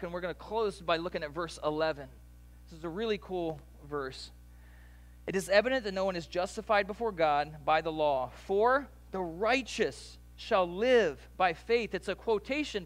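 A pastor preaching a sermon in a relaxed, conversational way, with asides and quick jokes to the congregation. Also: male voice, sits high.

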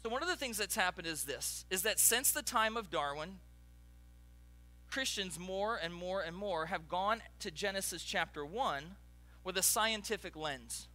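A man's voice: sits high, animated, measured pace, bright, forceful tone. A man preaching a sermon in a conversational way, with frequent restarts and asides to the congregation. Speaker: pastor.

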